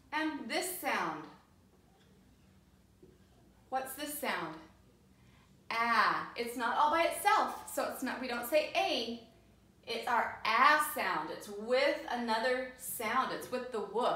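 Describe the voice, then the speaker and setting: A high, lively woman's voice guides small children through letter sounds, each one drawn out in a slow, sing-song way. Her tone is bright and clear. The room around her gives back a noticeable echo. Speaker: preschool teacher. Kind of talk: phonics lesson for young children.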